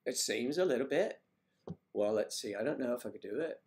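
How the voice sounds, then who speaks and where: A man's voice: mid-range voice, animated, fairly quick, a little mellow. Rambling man hosting a livestream. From United States. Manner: rambling, chatty, wandering between topics. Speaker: livestream host. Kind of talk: casual chat answering viewer comments.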